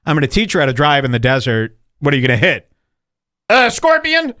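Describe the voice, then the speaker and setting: A man's voice: mid-range voice, racing, fairly bright tone, dry recording, studio quality. A man hosting a podcast, telling rambling, sarcastic stories in a casual comedic chat. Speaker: podcast host.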